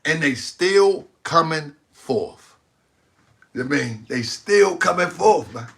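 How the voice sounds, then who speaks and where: Male web-show host, high gravelly voice, unhurried delivery, talks straight to his chat. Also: expressive, fairly bright tone. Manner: exclaiming, laughing often, talking to viewers. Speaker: host of an online talk channel. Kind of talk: livestream commentary to a chat.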